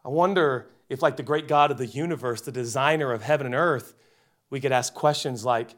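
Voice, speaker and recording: A man in his forties preaching a sermon, swinging between loud emphasis and hushed, quiet delivery. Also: fairly high pitch, fairly quick. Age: 40s. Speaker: pastor.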